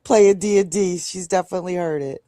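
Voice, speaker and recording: A woman's voice: on the low side, brisk, warm tone, dry recording. Chatty New York woman, dry close sound. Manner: chatty, rambling, self-interrupting. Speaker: co-host. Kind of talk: casual live-stream chat.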